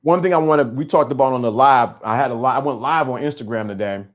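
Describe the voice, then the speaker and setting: Man, middle-aged, host, emphatic, repetitive, preacher-like cadence, mid-pitched. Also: quick pace. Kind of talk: live-streamed motivational talk.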